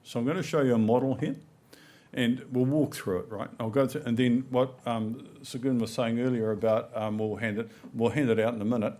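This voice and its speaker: A man's voice: mid-range voice, fairly even intonation, a little fast, mellow. A middle-aged man, giving a conference talk in a conversational, anecdotal way, often checking in with "right?" and "you know". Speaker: conference speaker. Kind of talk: conference presentation. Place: conference hall.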